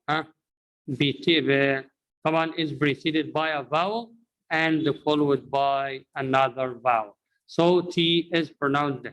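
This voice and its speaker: A man's voice: a little high, fairly bright tone, poor audio. Egyptian-accented man drilling English sounds. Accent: Egyptian Arabic. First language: Arabic. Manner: switches between English and Arabic, repeats drills, prompts with "huh?". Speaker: English pronunciation teacher. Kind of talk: online language lesson.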